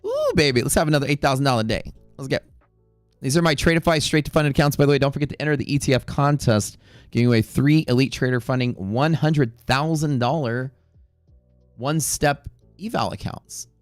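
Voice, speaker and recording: A man's voice: medium pitch, moderate pace, dry recording, soft background music. A man hosting a live day-trading stream, talking in a chatty, rambling way that turns profane at times. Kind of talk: casual live-stream commentary. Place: Houston area.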